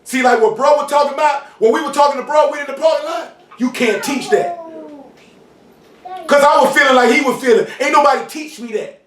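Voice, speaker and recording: A man preaching an informal sermon in street slang, often asking "you know what I'm saying" and shouting for emphasis. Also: extremely high pitch, fast. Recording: roomy hall, mic far off, faint noise.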